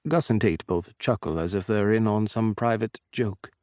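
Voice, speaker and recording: A man narrating a romance audiobook in the first person with an expressive reading. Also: lowish voice, normal speed, creaky, few pauses, no echo, clean studio sound.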